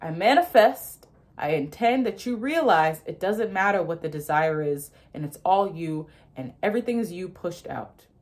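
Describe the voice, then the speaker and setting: A woman's voice: fairly low pitch, animated, moderate pace, a little mellow. A young woman who talks casually and emphatically, laughing often and acting out inner voices as she explains ideas to her viewers. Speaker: manifestation content creator.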